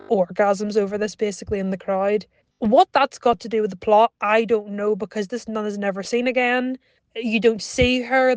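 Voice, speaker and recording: A woman's voice: mid-range voice, dry recording. Chatty woman reviewing a film, dry close sound. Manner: chatty, wry, amused. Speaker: podcast co-host. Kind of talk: casual film review chat. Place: cinema lobby. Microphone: small phone microphone.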